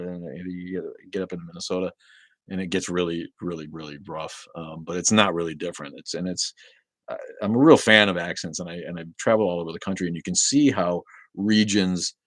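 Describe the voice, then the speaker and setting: A deep-voiced man with a New England accent hosts a casual livestream and chats his way through viewer comments. He rambles and keeps stumbling over restarts, and his voice sits close and dry with no room sound. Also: no echo. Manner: rambling and chatty, with stammered restarts. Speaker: livestream host.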